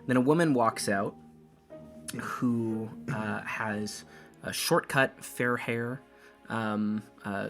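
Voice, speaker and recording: A man's voice: lowish voice, fairly bright tone. A man narrating as game master of a tabletop game, rambling with many fillers.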